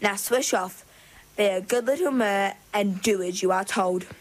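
A woman doing a haughty grand mermaid from a storybook, imperious and sly. She coos her orders slowly, lifting her tone above a middling voice. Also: medium pitch, close to an everyday voice, low-quality recording. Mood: commanding.

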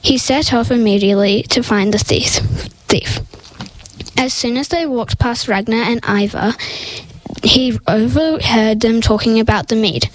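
A woman reading a story aloud, careful and steady, now and then tripping over a word and correcting herself. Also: on the high side, poor audio. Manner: reads carefully, with small stumbles and self-corrections. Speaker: story reader.

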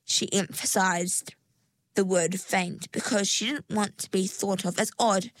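A woman reading a children's story aloud in a measured storytelling manner. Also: mid-range voice, fairly even intonation, dry recording. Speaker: narrator.

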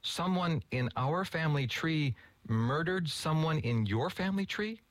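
A man's voice: fairly high pitch, animated, a little slow, no room sound, voice pushed up. A man voicing a cheerful, affectionate stepfather in a read-aloud story. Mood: jovial.

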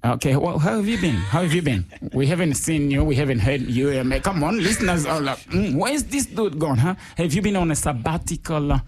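A man's voice: brisk, hardly any pauses, husky. A man hosting a live radio show in a studio, teasing and joking with his co-host and laughing often. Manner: playful, teasing, laughs often, lively jumps in pitch. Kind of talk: casual live radio chat.

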